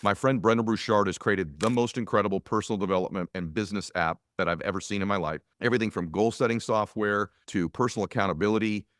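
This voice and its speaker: A middle-aged man hosting a podcast, talking in an energetic, emphatic motivational way, reading ads and asking questions. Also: on the low side, fast talker, hardly any pauses. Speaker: podcast host. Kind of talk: podcast interview and ad reads.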